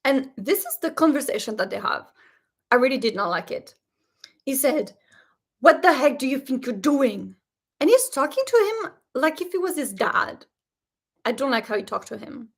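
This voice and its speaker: Woman reaction host with a slightly high voice, chatty and fired-up, talks straight to her viewers. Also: normal speed, creaky, breathy edge. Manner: animated, indignant, talks to viewers directly. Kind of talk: casual reaction commentary.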